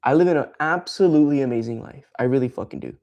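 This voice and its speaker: A man's voice: mid-range voice, fast, gravelly, a little mellow, highs cut off. A man ranting on a casual livestream, frustrated and swearing freely as he rambles. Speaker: streamer.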